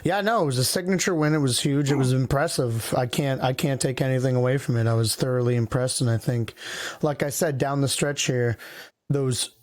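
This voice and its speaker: A man hosting a casual football podcast, guiding the talk in a steady, even way. His voice sounds dry and close, with no room around it. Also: mid-range voice, brisk, no room sound. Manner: steady, leads the talk and hands off to others. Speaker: podcast host. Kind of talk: casual sports chat.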